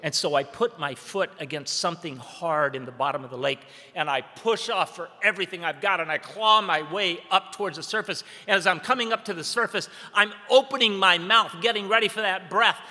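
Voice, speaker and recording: A man giving a dramatic personal storytelling speech at a training event. He tells it vividly, swinging between urgent, loud passages and hushed, slow ones. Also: high voice. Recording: echoey hall with long reverb.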